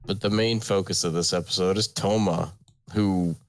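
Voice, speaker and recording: A man's voice: sits low, fairly even intonation, moderate pace, dry recording. A man co-hosting an anime review chat, dry and understated, often hesitating mid-sentence. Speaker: podcast co-host.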